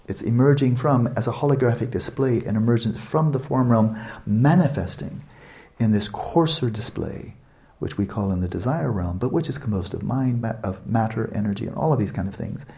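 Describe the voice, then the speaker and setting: A meditation teacher gives a dharma talk at a retreat in a mellow, mid-range voice at normal speed. He explains at length, repeats words for emphasis and turns to the listeners with asides.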